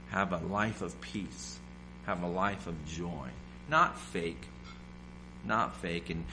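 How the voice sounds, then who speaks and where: Bright-voiced man preaching emphatically. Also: fairly low pitch, a little hiss or hum. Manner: emphatic, repetitive, rhetorical questions. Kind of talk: sermon.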